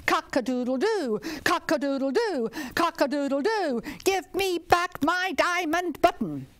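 A woman's voice: high voice, lively intonation, slow pace, no room sound, pitched above the performer's own voice. A woman crowing as a bold little rooster. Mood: defiant crowing. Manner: sing-song crowing calls. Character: plucky little male rooster, persistent and bold.

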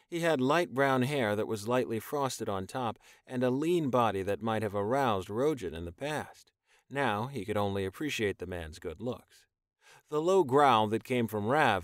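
A man narrating a novel as an audiobook, in an expressive storytelling manner. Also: medium pitch, no echo, studio quality. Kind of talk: scripted narration.

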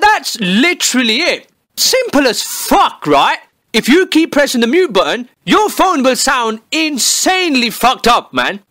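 Young guy, high and lively, cheeky sweary comic rant. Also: no echo, studio quality. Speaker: comedy YouTuber. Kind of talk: comedic monologue to camera.

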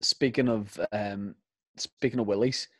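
A podcast co-host tells rambling stories in casual chat, swearing and laughing mid-story. His lowish voice stays steady in tone and unhurried, with no echo.

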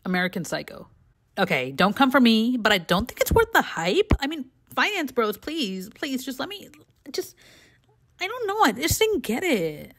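Brief: young female vlogger, animated and candid, big pitch swings, casual movie chat. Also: moderate pace. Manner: animated, profane, gushing. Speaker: film reviewer vlogger. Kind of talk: casual film review vlog.

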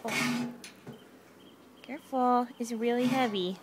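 A woman's voice: fairly high pitch, steady tone, slow, very noisy. A mother filming a home video on an outdoor lanai, coaxing her toddler in a playful sing-song way to blow kisses and say bye-bye. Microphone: handheld camera.

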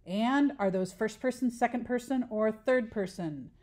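A woman's voice: a little high, a little slow, darkish tone. Patient woman teacher explaining step by step. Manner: patient step-by-step explaining, asks and answers her own questions. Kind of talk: recorded online lesson.

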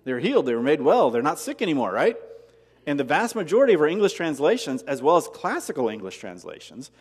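A male pastor delivers a sermon with a lively, swooping delivery and a slightly high voice. He drives points home with rhetorical questions and repeated phrases. His voice carries a long reverb from the church hall. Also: fast talker, breathy edge. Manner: animated preaching with rhetorical questions and emphatic repetition. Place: church sanctuary.

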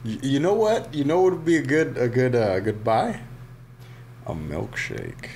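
A young man co-hosting a podcast, casual and joking, with slangy, drawn-out remarks. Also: medium pitch, big pitch swings, darkish tone, a little hiss or hum. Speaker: podcast co-host. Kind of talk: casual chat.

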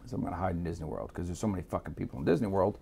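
His deep, breathy voice with vocal fry comes out rapid-fire as the middle-aged Miami native tells a story on an interview. The delivery is casual, profane, and street-smart, with lively impressions of everyone involved.

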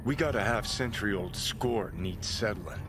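An actor playing a sardonic male digital ghost in a video game, talking gruff, sarcastic and profane. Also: lowish voice, animated, normal speed, noisy background, close to an everyday voice.

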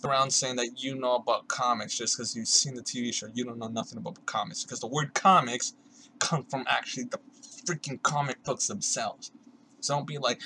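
A young man with a bright, forceful voice rants casually to the camera, sarcastic and full of swearing. He slips into mimicking other people's voices mid-rant. Faint ambient noise sits under the recording. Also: mid-range voice, fairly even intonation, moderate pace, poor audio. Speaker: vlogger.

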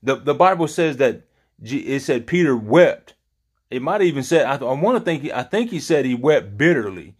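A man's voice: medium pitch, big pitch swings, normal speed, breathy edge. A man leading an informal Bible study, talking earnestly in a rambling way and often searching for his words.

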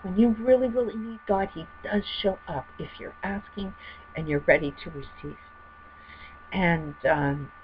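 A woman's voice: sits low, slight background noise. Rambling heated woman, lo-fi recording. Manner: rambling, heated, frequent fillers. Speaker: storyteller. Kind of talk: personal testimony monologue.

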